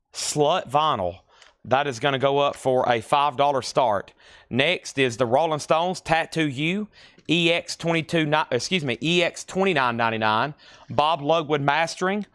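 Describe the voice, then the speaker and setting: Guy running a live record auction, reads off prices quick and casual, smooth clear voice a bit on the high side. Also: a bit bright, no echo. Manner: rapid listing of prices and conditions, chatty asides. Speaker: live sale host.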